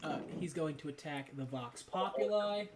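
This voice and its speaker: Over crowd noise, a man with a voice on the high side runs a tabletop game as game master at a moderate pace. He's loose and chatty, full of ums and uhs, and breaks into laughter.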